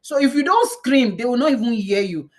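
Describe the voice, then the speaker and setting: A woman from Nigeria, moderating a panel and telling self-mocking stories in a lively way. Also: fairly high pitch, a little fast. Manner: animated, self-mocking storyteller. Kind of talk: conversational panel facilitation.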